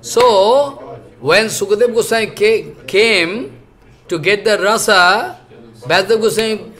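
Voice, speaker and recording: Male spiritual teacher, high voice, halting earnest lecture delivery, heavy on fillers and restarts. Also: fairly bright tone. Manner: halting, searching for words, many fillers and repeats; earnest, explanatory. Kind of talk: scripture lecture.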